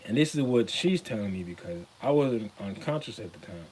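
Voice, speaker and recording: A man's voice: fairly low pitch, fairly quick. A man hosting a podcast, casually recounting a personal story with loose, rambling phrasing. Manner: relaxed, rambling, with many fillers like "you know what I'm saying". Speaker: podcast host.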